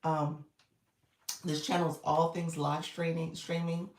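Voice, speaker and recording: A woman's voice: low-pitched, level tone, unhurried, recorded from a distance. A woman coach chatting casually and encouragingly with her livestream viewers, still in her groggy morning voice. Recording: echoey room, away from the mic.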